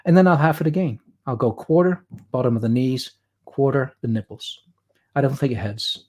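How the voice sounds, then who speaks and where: A man's voice: mid-range voice, normal speed, darkish tone. A man with an Irish accent, a guest artist chatting and explaining while he draws on a livestream. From Ireland. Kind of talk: drawing demo chat on a livestream.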